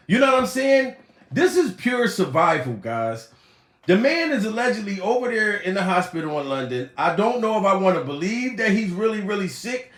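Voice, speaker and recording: A man ranting loudly in a comedic commentary, excitable and profane, breaking into shouts. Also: high-pitched, normal speed. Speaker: comedy YouTuber. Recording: roomy echo.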